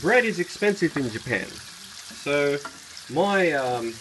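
Young Australian man, slightly high voice, chatty home cooking vlog, faint frying behind, casual rambling delivery. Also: lively intonation, slow, noisy background. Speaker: vlogger. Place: small apartment kitchen.

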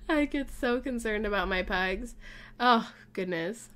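A woman casually commenting on her life-sim game, gushing and excitable over her pets. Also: on the high side, a little slow. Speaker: gaming YouTuber. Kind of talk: casual let's play commentary. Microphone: desk mic, facecam.

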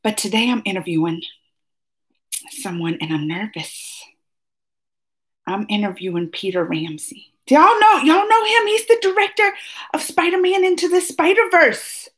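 A woman hosting a casual live chat with her viewers, excitable and talkative, laughing often as she chats at home. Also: a little high, normal speed. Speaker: livestream host. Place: at home, just woken up.

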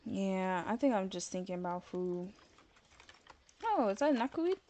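A woman's voice: medium pitch, very animated, a little slow, mellow. A woman chats casually while she plays a game live on stream. She rambles, fills her sentences with "like", and sounds tired and yawny late at night. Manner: chatty and rambling, many fillers of "like".

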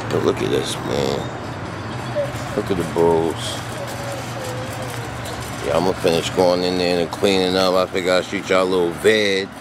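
A man filming a casual vlog at his dog kennel, talking excitedly and in slang straight to his viewers. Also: deep voice, normal speed, long pauses. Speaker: dog breeder and kennel owner. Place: outdoors at a kennel yard. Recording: loud outdoor noise with traffic.

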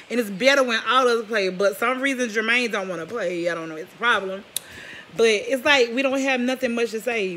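Bright-voiced mom, loose and rambling. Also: female voice, mid-range voice, a little hiss or hum. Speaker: mother and vlog host. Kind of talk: casual family roasting chat.

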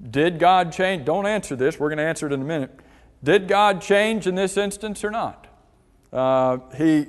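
A man teaching a church Bible class, asking the class questions and reading scripture aloud. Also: a little high. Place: church hall. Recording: long hall reverb.

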